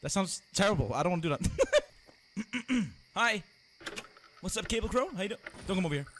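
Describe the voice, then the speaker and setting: A man streaming a horror game live, jumpy and loud, swearing at every scare and chatting with his viewers. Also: sits high, animated, normal speed. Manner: reads donations and chats to viewers. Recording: noisy background.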